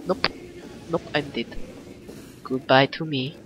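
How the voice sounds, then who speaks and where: A young man with a put-on Russian accent, commentating his gameplay in excitable, exclamatory, playfully broken English. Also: mid-range voice, slow, background noise. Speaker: gaming commentator. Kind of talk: let's-play commentary.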